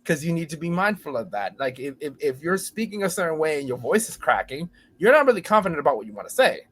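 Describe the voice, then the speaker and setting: A man talking as a podcast guest about teaching kids to speak, lively and acting out voices of students and teachers. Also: on the high side, fast talker, a little hiss or hum. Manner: animated, acts out students and teachers in exaggerated voices. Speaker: podcast guest, school storytelling educator. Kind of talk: casual podcast conversation.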